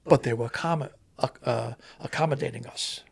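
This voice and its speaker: A man, a stuntman guest, telling animated on-set stories and acting out the voices of the people in them. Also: medium pitch, normal speed, vocal fry. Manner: animated, acts out voices in anecdotes. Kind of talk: animated storytelling.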